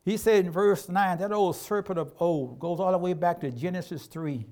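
High-voiced, emphatic older preacher man. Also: normal speed, darkish tone. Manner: folksy, emphatic preaching with colloquial speech. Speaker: pastor. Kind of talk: sermon.

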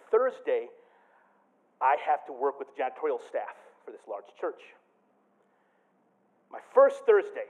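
A man preaching a sermon as pastor, telling a story with big swings from quiet to loud. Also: fairly high pitch, phone-quality sound. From Michigan.

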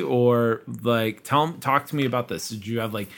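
A man's voice: medium pitch, moderate pace, hardly any pauses, fairly bright tone. A man hosting a casual interview, asking questions in a playful, joking way. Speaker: host.

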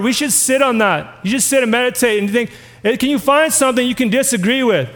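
A man's voice: extremely high pitch, fairly bright tone, long reverb tail. A man preaching a sermon as a pastor, reading scripture aloud and asking the listeners questions.

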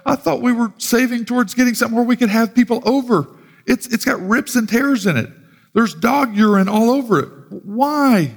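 A man's voice: very high voice, normal speed, creaky, voice pushed up, full character voice. A man doing a tearful, pleading wife. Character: tearful upset wife pleading with her husband. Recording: long reverb of a large hall.

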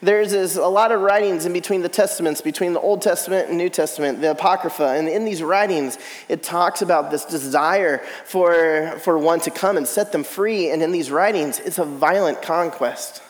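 A man preaching a sermon in an animated way, acting out the voices he quotes. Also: fairly high pitch, normal speed, big-room sound, poor audio. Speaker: pastor.

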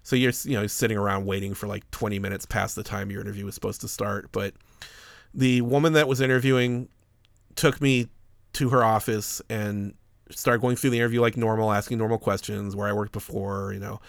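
A man's voice: on the low side, fairly even intonation, brisk, gravelly, no room sound, studio quality. A man casually telling a story to a friend, swearing often and laughing as he goes.

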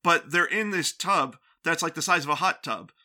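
A man's voice: fairly high pitch, moderate pace, bright, forceful tone. A man co-hosting a casual movie-review chat, sarcastic and incredulous as he picks apart plot holes. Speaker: podcast co-host.

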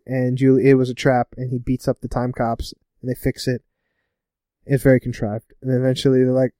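A man casually recapping a TV episode with a co-host, laughing often and putting on quick voices for the characters. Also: mid-range voice, level tone, warm tone, clean tone, dry recording, clean studio sound. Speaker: podcast co-host.

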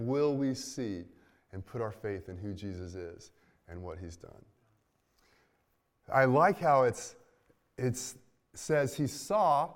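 Male pastor, mid pitch, casual preaching style with frequent restarts. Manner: conversational, many restarts, dips quiet at line ends. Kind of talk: sermon.

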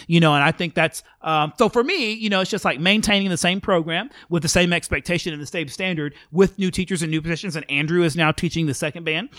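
A middle-aged man, a school band director, talking casually in an interview, animated and full of fillers. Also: a little high, quick pace, few pauses, no echo, studio quality. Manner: chatty and animated, many fillers.

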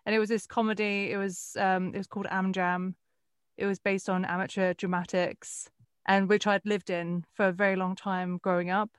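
A woman's voice: mid-range voice, little pitch movement, normal speed, clean tone, dry recording, studio quality. A woman as a guest in a casual chat, telling stories candidly and swearing freely.

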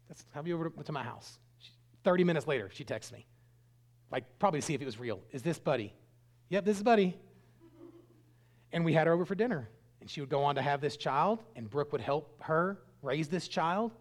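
A middle-aged man preaching a sermon, telling stories earnestly and swinging between loud bursts and hushed lines. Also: fairly high pitch. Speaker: pastor.

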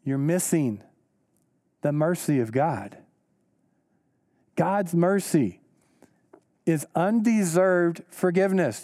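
A pastor preaching a sermon, earnest and emphatic, repeating key lines slowly for weight. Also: male voice, lively intonation, mellow, no room sound, studio quality. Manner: rises in pitch when stressing a point.

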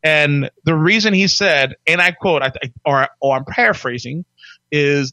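A man in his forties telling stories in a casual chat, animated, barking out impressions of drill instructors. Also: on the high side, moderate pace, no room sound. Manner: animated, acts out drill instructors in loud barks. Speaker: podcast guest telling his life story.

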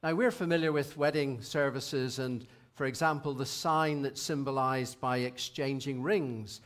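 A man in his sixties preaching a sermon in a measured, reflective way, reading scripture passages aloud. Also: mid-range voice, steady tone.

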